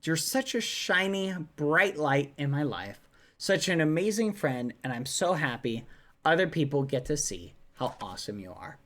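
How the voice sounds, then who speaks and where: A woman streamer, softly reading fan messages aloud, laughing often. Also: deep voice, lively intonation, normal speed. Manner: soft, affectionate, laughs often.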